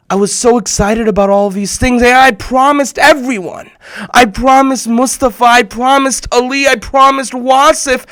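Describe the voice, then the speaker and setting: A young man telling children a story in an animated, excitable way, often repeating words as he gets worked up. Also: very high-pitched, no echo, clean studio sound.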